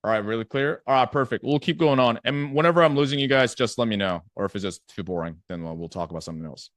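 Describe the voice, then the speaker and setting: A sales coach teaches a live online sales training conversationally, often acting out a prospect's replies and checking in with his audience. He talks fast at a medium pitch, slightly bright, in a clean studio recording with no echo.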